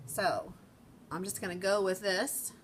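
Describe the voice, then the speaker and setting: A woman's voice: medium pitch, steady tone, measured pace, a little hiss or hum. Chatty woman teacher vlogging. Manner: chatty, rambling, acts out quotes in voices. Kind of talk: casual vlog chat. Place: school classroom.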